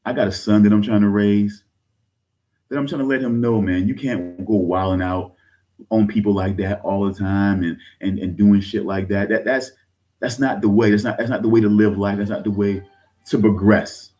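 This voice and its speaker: His tone is steady and darkish, at a normal speed, as this online creator in his thirties unloads a heated rant to camera. Agitated, he curses, repeats himself, keeps calling viewers "folks," and his pitch swings high when he gets angry.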